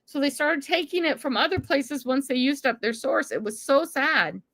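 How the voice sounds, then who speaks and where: An older American woman hosts a livestream, reading chat and talking casually with viewers while laughing often. Her voice is high, expressive, and a bit bright, at a moderate pace.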